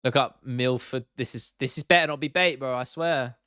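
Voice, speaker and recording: A young man with an English accent chats casually on a live stream, swearing freely as he answers his chat. His voice is smooth and clear, with a middling pitch. The sound is dry and close to the mic. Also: moderate pace, sharp tone, no room sound. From England.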